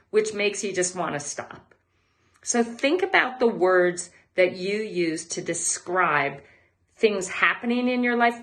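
A woman, an athlete, hosting her own show with a motivational monologue, speaking in a measured way and slowing down to stress key words. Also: medium pitch, fairly bright tone. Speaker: host.

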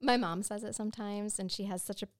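A woman co-hosting a true-crime podcast, recounting the case in casual chat, with frequent restarts and quick agreement. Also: mid-range voice, steady tone, no room sound, clean studio sound. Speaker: podcast co-host.

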